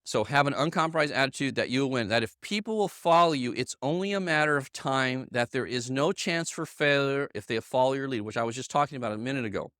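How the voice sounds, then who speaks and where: A man's voice: mid-range voice, expressive, fast, hardly any pauses, fairly bright tone, no echo, clean studio sound. A middle-aged man leading a motivational sales training for a room of colleagues, emphatic and repetitive, checking in with "okay?" and "right?" and calling on people by name. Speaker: sales team leader giving a training. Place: meeting room with a live audience.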